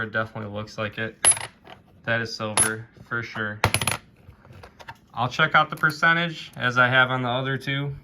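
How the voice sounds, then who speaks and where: A man narrating his own coin hunting video in a casual, excited way, often calling out to viewers as "guys". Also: on the low side, a little hiss or hum. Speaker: coin roll hunting vlogger.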